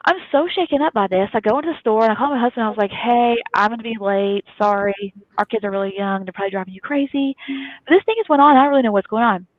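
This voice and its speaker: A fast, animated woman tells her story on a video call. The audio is thin and phone-like, with a dry, close sound. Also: a little high, no room sound. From Kentucky, USA. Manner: lively, chatty, animated storytelling. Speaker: guest. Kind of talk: casual storytelling on a live talk show.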